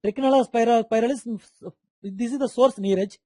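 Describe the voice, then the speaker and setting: A man's voice: very high-pitched, brisk, warm tone, dry recording. Indian guy lecturing med students, repeats terms, calls on students, dry close sound. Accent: Indian English. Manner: quizzing students by name, repeating terms for emphasis. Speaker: medical lecturer. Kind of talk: online medical lecture.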